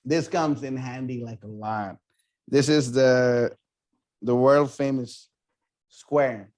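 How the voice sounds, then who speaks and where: A man who leads a temple's book distribution team tells a story in a casual interview, talking in an animated way, full of "like" and "you know". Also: mid-range voice, slow pace. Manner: animated, filler-heavy, with many "like" and "you know".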